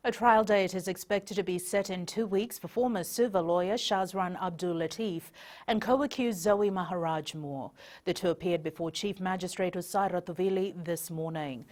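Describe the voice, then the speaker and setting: A woman news anchor reading scripted bulletins in a measured, formal way from a TV studio. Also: fairly low pitch, darkish tone.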